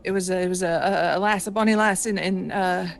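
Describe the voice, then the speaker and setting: A woman's voice: mid-range voice, level tone, fast, gravelly, close to an everyday voice. A woman voicing a frightened young male pirate gunner who stammers and repeats himself. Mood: fearful, rambling.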